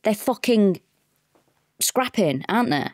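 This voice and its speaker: A woman's voice: medium pitch, lively intonation, slow pace, no echo, studio quality. A woman comedian co-hosting a podcast, reacting bluntly and swearing in casual chat. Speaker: comedian co-host.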